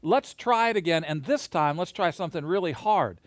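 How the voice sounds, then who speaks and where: A man teaching a Bible lesson to children and families, lively and encouraging, guiding them through hand motions as he talks alone into a camera. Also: fairly high pitch, moderate pace, dry recording. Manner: lively, gesture-led, encouraging.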